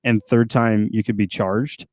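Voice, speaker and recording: A man's voice: fairly low pitch, fairly even intonation, a little slow, a little mellow, dry recording, clean studio sound. A young man co-hosting a podcast, joking and rambling in casual chat, laughing often. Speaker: podcast co-host.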